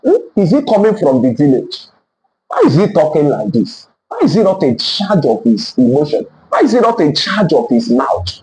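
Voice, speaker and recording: A man's voice: fairly high pitch, very animated, normal speed, a little mellow, slight background noise, poor audio. A man voicing a scornful young woman who mocks her date with incredulous questions. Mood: mocking.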